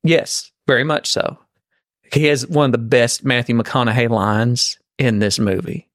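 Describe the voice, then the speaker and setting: A man's voice: medium pitch, steady tone, unhurried, fairly bright tone, no room sound, clean studio sound. Rambling man co-hosting a podcast. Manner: rambling, restarts while explaining a theory. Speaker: podcast co-host. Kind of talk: casual chat.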